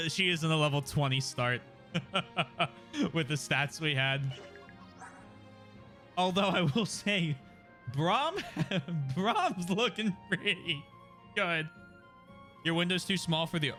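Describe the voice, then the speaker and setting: A man's voice: a little high, measured pace, long pauses, sharp tone, soft background music. A man giving casual, chatty commentary while streaming a game. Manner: chatty, laughing asides.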